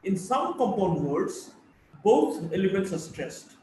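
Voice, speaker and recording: A man's voice: sits high, big pitch swings, takes it slowly, darkish tone. A male college lecturer with an Indian English accent, reciting English words one at a time for a phonetics lesson. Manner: reads words one by one, spelling suffixes aloud. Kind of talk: slow recited word-list lesson. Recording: echoey room, mic far off, faint hiss.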